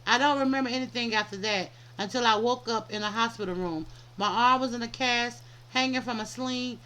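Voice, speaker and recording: A woman's voice: fairly high pitch, brisk, pushed and bright, poor audio. A woman hosting a podcast, reading a book aloud and often stumbling, restarting and correcting herself.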